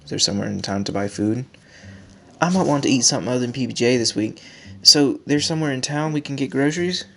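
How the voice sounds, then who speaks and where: A man's voice: medium pitch, fast, creaky, fairly bright tone, slight background noise. A man playing a story game, joking and laughing as he reads the narration and comments. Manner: jokey, laughing, chatty. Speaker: game streamer. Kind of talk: let's-play commentary and narration.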